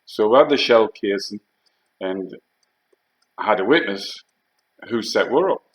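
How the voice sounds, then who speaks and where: Older man, ex-soldier, low voice, blunt and heated, swears, rhetorical questions. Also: expressive, measured pace, low-quality recording. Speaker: former soldier telling war stories. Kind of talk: heated spoken monologue.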